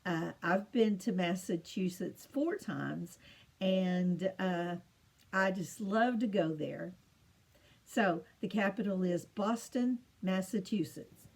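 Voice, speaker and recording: A middle-aged woman teaching children, slow and patient, repeating each answer in a sing-song lilt. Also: fairly low pitch, gravelly, a little mellow. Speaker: teacher of state capitals to children. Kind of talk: slow home-made lesson for children.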